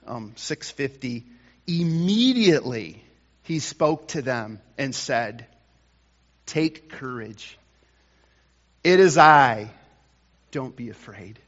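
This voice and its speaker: A male pastor delivering a morning sermon, slow and emphatic, rising to loud bursts and dropping to quiet lines. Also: fairly high pitch. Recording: dull sound with long hall reverb.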